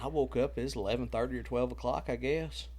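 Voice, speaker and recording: A man's voice: medium pitch, fairly even intonation, brisk, darkish tone. A man co-hosting a family podcast, joking, teasing and telling his own childhood story with lots of laughs. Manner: jokey, laughs a lot, teasing. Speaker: podcast co-host. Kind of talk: casual chat and storytelling.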